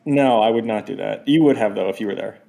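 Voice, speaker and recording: A man who is an editor-in-chief, chatting on a podcast in a laid-back, deadpan way. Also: fairly low pitch, fast talker, creaky. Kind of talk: casual podcast chat.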